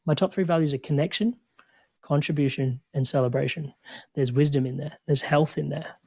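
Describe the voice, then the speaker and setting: A man with a slightly high voice, talking as a podcast guest. He tells stories with energy and acts out the lines of other people. He uses a relaxed, conversational coaching tone. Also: a little fast, slightly rough. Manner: energetic, animated storytelling with quoted dialogue.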